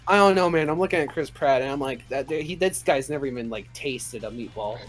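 A man's voice: medium pitch, a little fast. A man hosting a podcast in casual group chat, joking and teasing his friends with frequent laughs.

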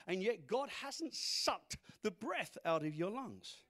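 High, lively male preacher. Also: slow. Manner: animated, acts out Bible characters, laughs at own jokes. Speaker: pastor. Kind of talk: sermon.

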